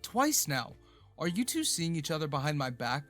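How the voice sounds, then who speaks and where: A man's voice: on the high side, sing-song, moderate pace, a bit bright, soft background music. A man voicing a jealous young male police officer who accuses his boyfriend, his voice rising as he talks. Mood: accusing.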